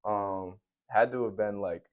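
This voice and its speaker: A young man, a rapper and producer, talking easily in slang and getting animated when he jokes. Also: on the low side, measured pace, highs cut off. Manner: easygoing slangy talk, animated when joking. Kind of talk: casual chat.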